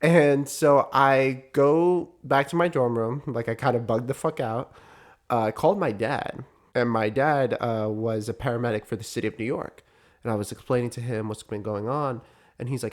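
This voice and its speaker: A young adult man co-hosting a casual podcast chat, telling lively stories with swearing and frequent laughs. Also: mid-range voice, normal speed. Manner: animated storytelling with swearing and laughter. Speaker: podcast co-host.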